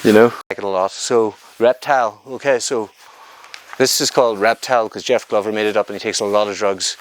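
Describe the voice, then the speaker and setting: A man teaching jiu-jitsu technique during a live demonstration, talking in halting phrases and often checking in with "okay?". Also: on the low side, steady tone. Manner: talks while moving on the mat, halting phrases. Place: training room at a retreat. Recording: noisy room recording.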